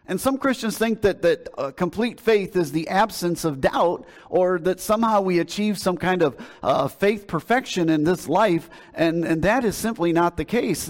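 A male pastor delivering a sermon, retelling a scripture story with emphasis in a conversational preaching manner. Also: fairly high pitch. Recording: long hall reverb.

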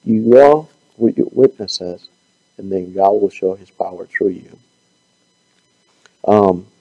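Hoarse man teaching a gravelly Bible class. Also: lowish voice, a little mellow, highs cut off. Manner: halting, stumbles and repeats words. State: losing his voice. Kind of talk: Bible study teaching and closing prayer.

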